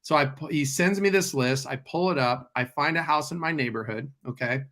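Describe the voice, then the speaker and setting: A man who is a real estate investor, appearing as a guest, tells a story in casual conversation and acts out the dialogue with lively delivery. His voice is a little high and a little fast.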